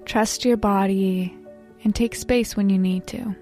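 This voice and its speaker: A woman calmly introducing a podcast season, gently guiding listeners to breathe and reflect. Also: mid-range voice, a little slow, faint music behind.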